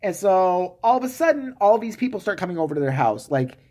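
A man vlogging a profane, sarcastic comic rant about a movie, swinging between mumbles and loud bursts. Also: sits high, sing-song, a little fast.

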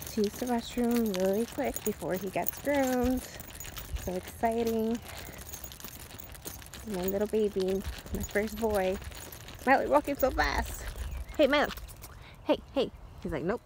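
A woman's voice: medium pitch, a little slow, long pauses, darkish tone, a little hiss or hum. A woman chatting casually to camera in a vlog, gushing over her dog, recorded on a phone in a car and outside. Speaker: vlogger. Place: in a car and outdoors.

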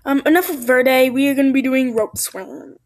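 A woman giving excitable let's play commentary, yelping at mishaps and dropping into whispered asides. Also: sits high, normal speed. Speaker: gameplay commentator.

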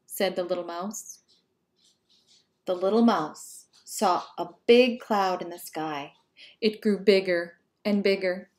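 A woman teacher reading a picture book aloud to young children in a slow, careful, friendly way. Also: medium pitch, a little mellow.

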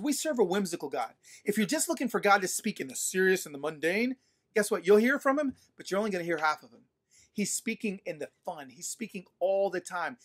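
Animated man preaching a story-filled sermon. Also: high voice. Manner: animated, playful, addresses audience directly. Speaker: pastor. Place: livestream during quarantine.

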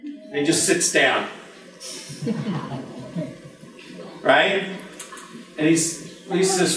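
A man preaching a lively, conversational sermon as pastor, joking with the congregation and breaking into shouts. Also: on the high side, drawn-out words, long pauses, far from the mic. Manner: animated, jokey, bursts into shouts. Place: church sanctuary. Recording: echoey church from the back.

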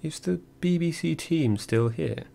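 A man's voice: a little high, lively intonation, a little slow, gravelly, mellow, pitched above the performer's own voice. A man voicing an English embassy officer calling down a prison corridor from a distance. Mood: urgent.

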